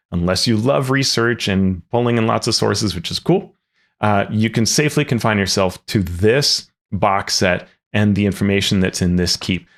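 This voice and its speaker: Low gravelly-voiced man giving game tips. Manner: conversational, often adds "right?". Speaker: tabletop game advice host. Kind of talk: casual instructional talk.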